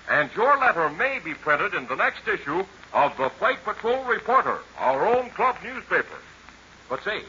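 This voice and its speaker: Lively old-time radio announcer man. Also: slight background noise. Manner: folksy, peppy sales pitch. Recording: muffled old radio recording.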